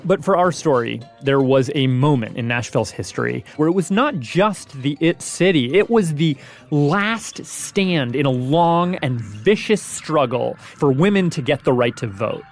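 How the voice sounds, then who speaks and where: A man narrating a radio history story in a clear storytelling manner. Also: on the high side, expressive, measured pace, soft background music.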